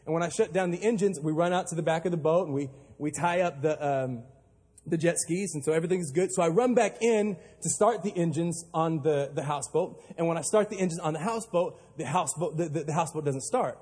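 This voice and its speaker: A male pastor preaching a sermon, telling a story with animated delivery and acting out panicked quotes. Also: a little high, a little fast, slightly rough. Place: church auditorium. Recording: long hall reverb.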